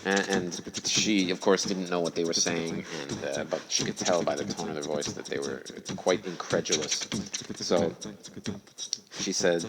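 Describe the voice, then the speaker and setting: A man improvising a bedtime story, rambling and animated, with many restarts and voices for his characters. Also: low voice, moderate pace, background noise.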